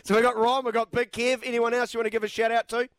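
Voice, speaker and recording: A man's voice: very high voice, little pitch movement, fast, a bit bright, clear, resonant tone, no echo. A man hosting live sports talkback radio in a studio, chatty and jokey with lots of filler words. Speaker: radio sports show host. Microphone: studio microphone.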